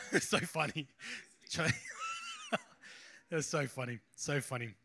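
A man's voice: on the high side, moderate pace, vocal fry, background noise. A man preaching a casual sermon as a pastor, chatty and rambling, with self-deprecating asides.

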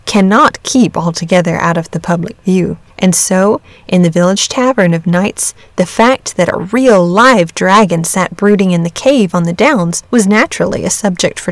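A woman's voice: medium pitch, no room sound. Woman reading a storybook, dry sound. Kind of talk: scripted narration of a storybook.

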